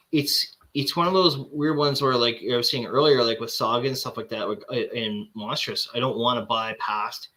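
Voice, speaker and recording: A man talking casually while showing off his recent comic pick-ups. He rambles, trails off and restarts often, with plenty of "um" and "like." His voice sits at an ordinary middle pitch. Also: fairly even intonation, a little slow, bright, forceful tone. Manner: rambling, many fillers and restarts. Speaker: comic collector host.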